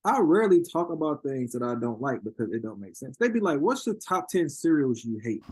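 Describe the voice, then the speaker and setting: Husky guy, swoops up high when he quotes people, dry sound. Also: a little fast, no room sound. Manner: animated storyteller, acts out quotes in high voices, laughs a lot. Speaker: interview guest, rapper. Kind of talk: casual chat.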